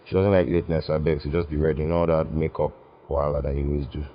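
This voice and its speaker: A man's voice: a bass voice, level tone, very fast, lo-fi sound. An actor playing a laid-back young man who reassures his girlfriend. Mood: instructing. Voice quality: casual, reassuring. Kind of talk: film drama acting.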